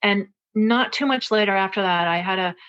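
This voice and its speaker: A woman's voice: mid-range voice, moderate pace, fairly bright tone, lo-fi sound. A woman in her forties telling a personal story as a podcast guest, earnest and reflective, often restarting her sentences. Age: 40s. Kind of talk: personal story told in conversation.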